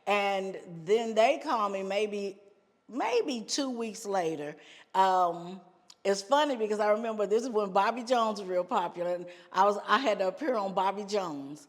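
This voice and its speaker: Here the American gospel singer is a podcast guest again, casually telling her life story and frequently repeating phrases to stress them. Her voice is mid-range at a moderate pace, with a big-room sound.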